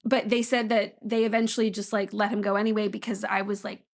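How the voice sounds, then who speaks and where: A woman's voice: mid-range voice, level tone, fast, gravelly. A woman co-hosting a podcast, chatting casually with lots of laughter and fillers. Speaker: podcast co-host. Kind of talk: casual chat. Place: apartment room.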